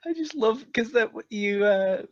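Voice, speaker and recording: High-voiced man, dull dry recording. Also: animated, normal speed. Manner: rambling, self-deprecating, laughs often. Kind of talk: casual chat.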